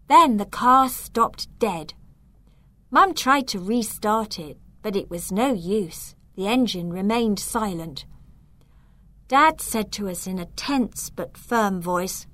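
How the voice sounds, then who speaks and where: A woman narrating a children's storybook aloud in a clear, measured way. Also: medium pitch, animated, fairly bright tone, no room sound. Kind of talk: storybook reading.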